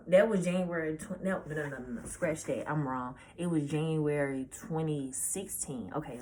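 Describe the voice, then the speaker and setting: Low-voiced young woman, halting. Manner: halting, hesitant, with many restarts; casual, informal speech. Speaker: vlogger. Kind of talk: personal storytime monologue.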